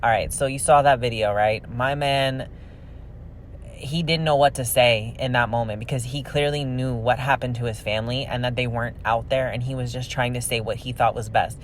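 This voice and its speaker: A man casually narrating a true crime story with an opinionated, animated delivery while he opens trading cards. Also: medium pitch, slight background noise. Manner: chatty, opinionated, animated retelling. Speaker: card-opening vlogger telling a true crime story.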